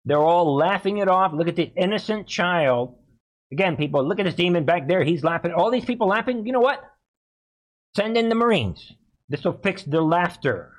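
Male host of a live-streamed political commentary show, emphatic and repetitive, speaking voice sits a little high. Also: a little fast. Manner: emphatic and repetitive, keeps calling out to viewers.

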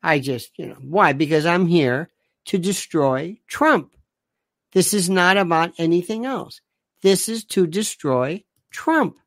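A man putting on a smug, biased male judge who flatly admits his aim. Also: a little high, slow pace, no echo, clean studio sound, exaggerated voice.

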